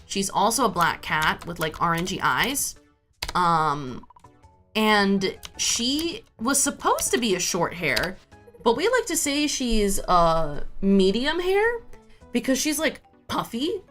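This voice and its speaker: A woman streams a game and chats casually with her viewers, drifting from one topic to the next as she talks to chat. Her medium-pitched voice is slow, a little bright, and swings widely in pitch, with soft music in the background.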